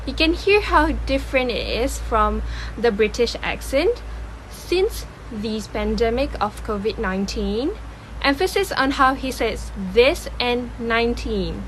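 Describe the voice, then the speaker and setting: A woman's voice: a little high, lively intonation, a little slow, a bit bright, slight background noise, rough recording. A woman presenting a student video, explaining pronunciation and demonstrating speech sounds.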